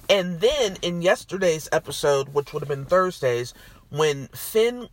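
A woman's voice: low-pitched, lively intonation, a little slow. A woman co-hosting a podcast, chatting casually and ranting in exasperation about soap opera plots. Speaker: podcast co-host.

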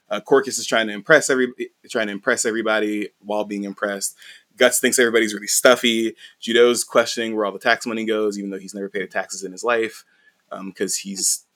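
Low-voiced man recapping a manga. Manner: animated storytelling, frequent "like" and "right?". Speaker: podcast host recapping a manga. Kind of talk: casual recap chat.

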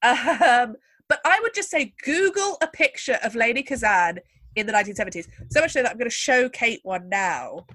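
A woman's voice: on the high side, lively intonation, moderate pace, a bit bright, no echo. Woman, podcast host, wry storyteller, dry close recording. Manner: chatty, wry storyteller with asides. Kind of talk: casual chat.

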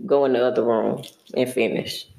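Woman co-host, casual chat, blunt and emphatic, low voice, roomy echo. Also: fairly even intonation, normal speed, vocal fry, mellow. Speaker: podcast co-host.

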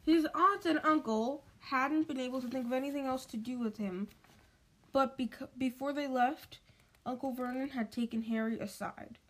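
A woman with a high voice reads a storybook aloud. She stumbles often and restarts words and phrases as she goes. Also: moderate pace, fairly bright tone.

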